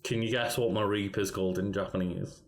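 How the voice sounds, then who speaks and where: A man's voice: fairly low pitch, steady tone, brisk. A man co-hosting a casual podcast over a call, steadily quizzing his partner with trivia. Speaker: podcast co-host. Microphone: remote call mic.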